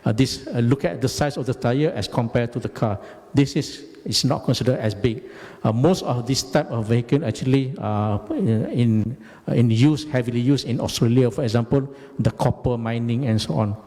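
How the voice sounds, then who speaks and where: A man, giving a halting, deliberate lecture about his career. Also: medium pitch, mellow, in a large hall. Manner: halting, deliberate, frequent hesitations. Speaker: guest lecturer, company managing director.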